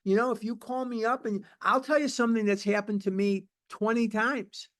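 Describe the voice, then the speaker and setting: A man's voice: high voice, steady tone, moderate pace, fairly bright tone. A man teaching a recovery book study in an informal, emphatic and repetitive conversational way.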